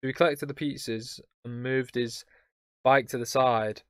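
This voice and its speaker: A young man tells a messy travel story on his podcast, rambling through it with fillers and restarts. His voice is smooth and clear, recorded close and dry. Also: medium pitch, steady tone, measured pace, a bit bright, dry recording. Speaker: podcast host. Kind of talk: casual storytelling.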